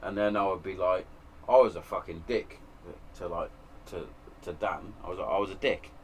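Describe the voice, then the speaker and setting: In a deep, slightly rough voice at a moderate pace, a man chats candidly on his podcast from a shed at home. He speaks with raw emotion about rough times and swears plenty along the way.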